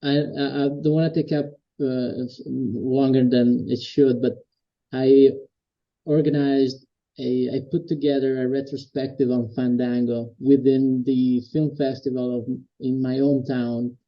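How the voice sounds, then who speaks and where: A mid-pitched man hosts the interview as an eager fan, laughing along and jumping in with curious questions. His voice comes through dull and lo-fi, like remote call audio. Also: level tone, unhurried. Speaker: interviewer, fan club host. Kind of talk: casual interview.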